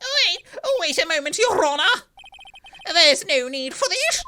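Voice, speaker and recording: A man's voice: very high-pitched, sing-song, unhurried, noisy background, voice pushed up, exaggerated voice. A man voicing an unhinged young male masked thief, theatrical and manic, reading game dialogue on a stream. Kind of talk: voice acting a game script on stream.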